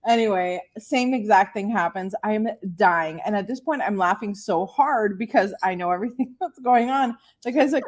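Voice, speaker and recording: A woman in her forties tells a story in relaxed podcast chat. She is animated and quick to laugh, and she slips into little voices for the people in her tale. Her voice sits at a middling pitch. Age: 40s. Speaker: podcast guest. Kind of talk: casual storytelling.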